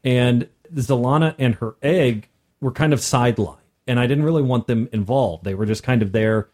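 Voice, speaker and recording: A game master who runs tabletop games recounts a session in casual chat, animatedly acting out the characters as he tells the story. His voice is medium in pitch and his pace is moderate.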